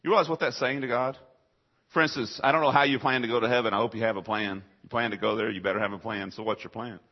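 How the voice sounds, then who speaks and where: A man preaching a sermon, asking rhetorical questions and answering them himself, moving between hushed low stretches and loud, high, emphatic lines. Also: fairly even intonation, fast talker. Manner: dramatic swings between soft low passages and loud high rising questions; rhetorical call-and-response questions to the congregation. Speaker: pastor. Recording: dull lo-fi sermon recording.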